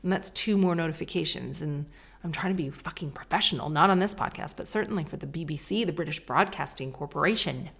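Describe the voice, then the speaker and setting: A middle-aged woman talks on her own podcast in a loose, stream-of-consciousness ramble. Her voice sits on the low side for a woman. She is chatty, mocks herself freely and drops the odd swear word. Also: fast, creaky, a bit bright, breathy edge. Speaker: podcast host. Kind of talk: casual podcast monologue.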